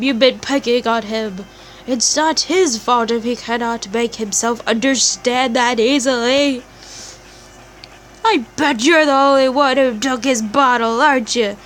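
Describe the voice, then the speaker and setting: A woman voicing a furious, protective young woman who shouts accusations. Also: sits high, a little hiss or hum.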